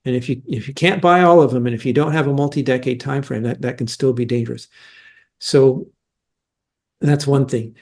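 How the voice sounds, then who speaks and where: A man's voice: medium pitch, steady tone, moderate pace, darkish tone. A middle-aged man giving explanatory interview answers as a mining analyst, emphatic and argumentative, with frequent restarts.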